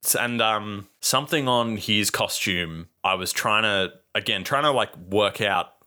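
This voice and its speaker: A man's voice: on the low side, unhurried, pushed and bright. A man co-hosting a casual film podcast, talking in a rambling, sweary way with many restarts. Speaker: podcast co-host, film reviewer. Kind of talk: casual chat.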